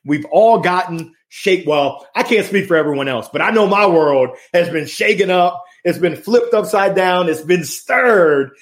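Energetic, passionate man on a call. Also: sits high, unhurried, few pauses. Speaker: guest. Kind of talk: casual conversation. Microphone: remote video call.

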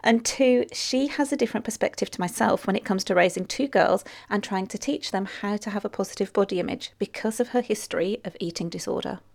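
A woman hosting a podcast, earnestly reading her intro and then chatting warmly with a friend, cheering her on and laughing often. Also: medium pitch, a little fast, creaky, hardly any pauses. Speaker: podcast host. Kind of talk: scripted intro, then casual chat.

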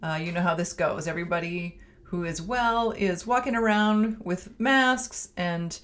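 A woman's voice: lowish voice, a little slow. A middle-aged woman, hosting her own podcast as a family physician and talking in a chatty, homey way with many ums and restarts. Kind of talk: casual solo podcast talk.

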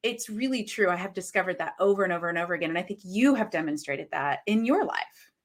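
A woman hosting an interview, affirming her guest and leading the conversation in a warm, encouraging way. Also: fairly low pitch, animated, fast talker. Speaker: podcast host.

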